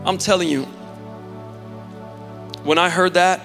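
A man's voice: a little high, moderate pace, over music. A man preaching an earnest sermon in a church hall, often restarting and repeating his words.

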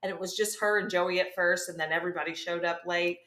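A woman's voice: on the low side, fairly even intonation, fast, a bit bright. A woman chatting as a guest on a podcast, rambling and laughing, losing her train of thought. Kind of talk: casual chat. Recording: echoey room.

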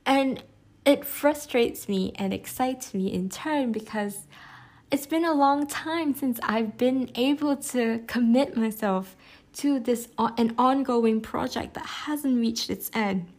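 A woman's voice: a little high, slow, a little mellow. Gushing woman rambling about a favorite podcast. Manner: gushing, rambling with many fillers and restarts; enthusiastic, laughs often. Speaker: podcast reviewer. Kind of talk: casual chat.

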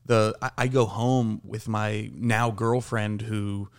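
A man's voice: fairly low pitch, flat delivery, slow, clear, resonant tone. A man in his thirties telling a long, rambling, profane story on a casual podcast, laughing along as he goes. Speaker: podcast co-host.

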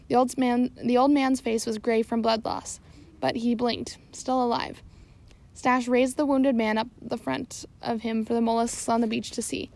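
A woman narrating an audiobook in a steady reading voice. Her pitch sits somewhat high with noticeable vocal fry, and she now and then stumbles and corrects herself. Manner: steady reading with occasional slips and self-corrections. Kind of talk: scripted narration.

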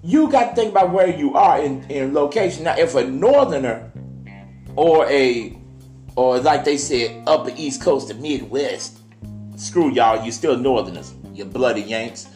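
A man co-hosts a podcast, joking and ranting with strong opinions. His pitch rises and falls a lot. The room sounds echoey, with faint guitar music underneath. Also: lively intonation, unhurried, a little mellow. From Tennessee. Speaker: podcast co-host. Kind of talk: casual chat.

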